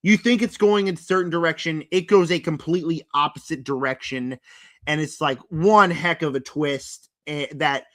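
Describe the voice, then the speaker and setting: A young man chats through his horror movie rankings in a loose, rambling vlog style, piling on fillers and stressing his points hard. His voice is bright and a touch high, and it cracks now and then as he clears his throat. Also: moderate pace. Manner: rambling, filler-heavy, emphatic. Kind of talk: casual vlog commentary.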